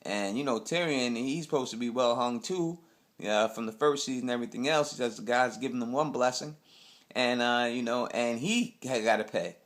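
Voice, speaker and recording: A man's voice: medium pitch, normal speed. Slangy rambling New guy. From Queens, New York. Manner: slangy, rambling, blunt street talk. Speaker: TV recap host. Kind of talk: casual TV episode recap.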